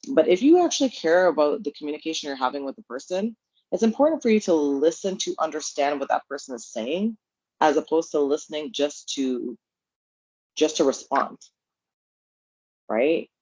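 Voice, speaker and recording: A man's voice: on the high side, expressive, moderate pace, darkish tone, no echo, muffled recording. A man with a Canadian accent co-hosting a podcast, speaking earnestly and repeating his points for emphasis. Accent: Canadian English. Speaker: podcast co-host. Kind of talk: casual podcast chat.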